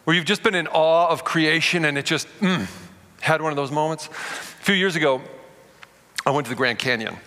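A man in his forties preaching a sermon to a live audience, telling stories in an animated way and speaking to them directly. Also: on the high side, normal speed, long pauses. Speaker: pastor. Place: large room before a live audience. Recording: long reverb of a large hall.

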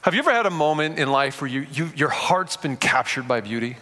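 A man in his forties preaching a sermon to a live audience, telling stories in an animated way and speaking to them directly. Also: a little high, fairly quick. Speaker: pastor. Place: large room before a live audience. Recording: long reverb of a large hall.

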